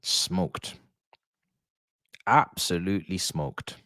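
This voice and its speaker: A man's voice: sits low, animated, drawn-out words, sharp tone, no room sound. A young man reacting live to a football match, exasperated and swearing. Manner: exasperated, swearing, muttering to himself. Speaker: football watch-along host.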